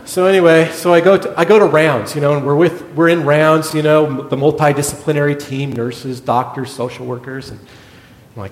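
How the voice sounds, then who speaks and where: Animated storytelling pastor in an echoey hall. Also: male voice, brisk. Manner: animated storyteller, acts out other people's lines. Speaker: pastor, former hospital chaplain. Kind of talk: sermon storytelling. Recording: echoey hall with a faint rumble.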